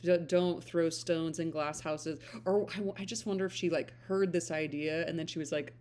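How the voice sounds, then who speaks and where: Here the woman's voice is deep, steady, and slightly mellow, moving at a moderate pace with barely any pauses. She reads books on her channel and chats in a relaxed, reflective way, searching for words as she thinks aloud, with faint noise in the background.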